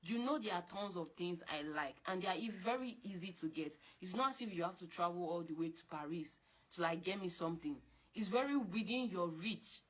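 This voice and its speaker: A young woman, talking in an animated, scolding way, repeating her points and jumping up in pitch when she insists. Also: a little fast. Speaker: girlfriend in a couple argument. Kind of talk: casual heated monologue.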